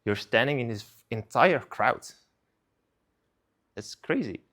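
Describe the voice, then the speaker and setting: A young man preaching at a student service, telling the story in a casual, animated, conversational way. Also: mid-range voice, slow. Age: young adult.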